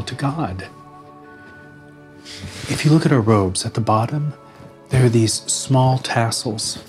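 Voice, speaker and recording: An actor playing a weary, devoted parish priest in a film drama, talking in an earnest, reflective, unhurried way. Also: male voice, medium pitch, lightly acted. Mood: wistful. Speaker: Orthodox priest.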